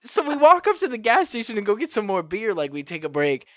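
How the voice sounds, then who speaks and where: A man's voice: high-pitched, huge pitch swings, quick pace, a bit bright, no echo, clean studio sound. A man chatting casually with friends, telling a story full of swearing, fillers and laughter. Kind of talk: casual chat.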